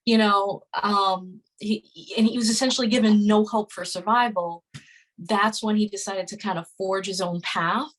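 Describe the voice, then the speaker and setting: A woman in her thirties, a guest on a podcast, tells a story casually and earnestly, using many fillers and restarting often. Her mid-range voice keeps fairly even intonation at a moderate pace, and the recording quality is low.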